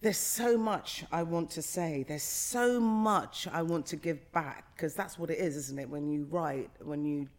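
A woman's voice: low-pitched, a little slow, few pauses. A middle-aged woman who is a guest in an interview, talking passionately and emphatically and repeating phrases for emphasis. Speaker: actor guest. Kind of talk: casual interview chat.

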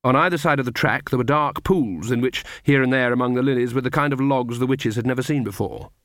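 A man reading a comic fantasy novel aloud in measured, scripted narration. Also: medium pitch, a bit bright, no echo. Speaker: audiobook reader.

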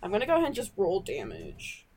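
A woman's voice: medium pitch, huge pitch swings, fast talker, darkish tone, husky. A woman playing a tabletop game, hesitant and full of fillers. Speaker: player.

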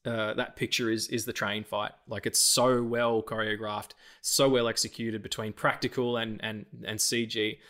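A man's voice: fairly low pitch, moderate pace, hardly any pauses. A man co-hosting a podcast, chatting casually and animatedly with frequent swearing. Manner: animated, sweary, quotes lines from films. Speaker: podcast co-host. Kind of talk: casual chat.

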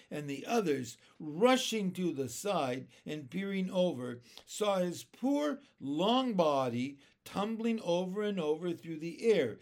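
A man reading a children's novel aloud, lifting his voice for the characters' cries. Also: on the high side. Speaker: reader.

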